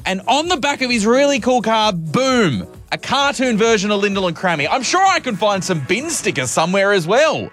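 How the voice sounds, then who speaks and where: A man's voice: high-pitched, very animated, moderate pace, hardly any pauses, a bit bright, soft background music. A male radio host chatting playfully to drive-time listeners. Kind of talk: casual radio chat.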